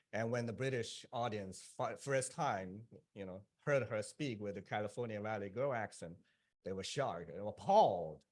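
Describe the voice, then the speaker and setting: A man speaking as an author on a panel, telling lively anecdotes to an audience and laughing at his own jokes. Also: lowish voice. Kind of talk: panel discussion. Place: public event, speaking to an audience.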